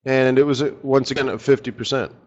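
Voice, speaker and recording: A man's voice: mid-range voice, fairly even intonation, fast, a little mellow, highs cut off. A man running a live forex strategy session, talking casually and rambling, often asking his audience rhetorical questions.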